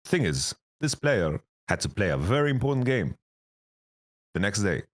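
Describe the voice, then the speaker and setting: Animated, laughing young male esports coach. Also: fairly low pitch, normal speed. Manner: laughs through stories, lots of fillers. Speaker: esports head coach, guest. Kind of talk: casual interview storytelling.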